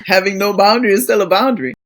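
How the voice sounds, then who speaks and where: A woman in her thirties co-hosts a casual podcast chat. She talks in a profane, animated way and drops into acted quotes mid-rant. Her voice sits at an ordinary middle pitch. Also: racing. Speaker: podcast co-host.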